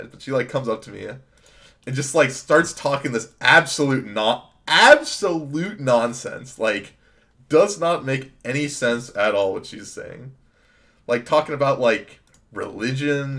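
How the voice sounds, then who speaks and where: A young man streaming an online card game, telling a rambling anecdote full of "like" and self-mocking laughs. His voice sits at a middle pitch, and the clatter of a keyboard comes through behind him. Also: fairly bright tone. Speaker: gaming streamer. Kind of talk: casual storytelling while playing a card game.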